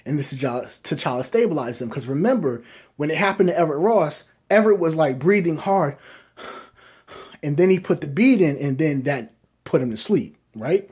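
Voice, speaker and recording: A man's voice: on the high side, animated, brisk, a little mellow, breathy edge. A man reviewing movies, rambling through casual fan speculation and often checking in with his listeners. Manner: rambling, keeps asking "right?" and hedging.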